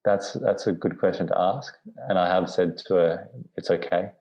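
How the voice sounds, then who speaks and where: A man's voice: low-pitched, normal speed, darkish tone. A man being interviewed on a podcast, telling a personal story in a rambling way, full of "you know" and restarts. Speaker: podcast guest. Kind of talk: reflective storytelling. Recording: dull lo-fi audio.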